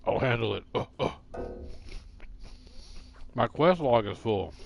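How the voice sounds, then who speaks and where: A man's voice: medium pitch, lively intonation, takes it slowly, gravelly, dull audio, a little hiss or hum. A man streaming a video game, chatting casually and profanely with his viewers in a joking way. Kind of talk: casual live-stream chat.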